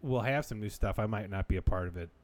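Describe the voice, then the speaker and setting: A man in his thirties co-hosting a casual podcast, telling stories with animated energy and frequent laughs. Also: on the low side, quick pace. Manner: animated storyteller, laughs often. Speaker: podcast co-host. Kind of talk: casual chat.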